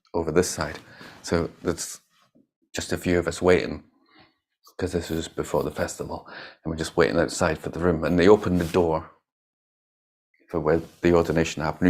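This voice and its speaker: A man teaching meditation in a relaxed Buddhist dharma talk. His voice sits fairly low, and his delivery is lively and emphatic. He laughs often, repeats himself and lets a casual swear slip.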